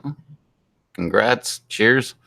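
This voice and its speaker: A man's voice: mid-range voice, very slow, gravelly, pushed and bright. A man from Pittsburgh with a Pittsburgh accent, hosting a live stream in casual, chatty talk and laughing often. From Pittsburgh, US East Coast. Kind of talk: casual chat.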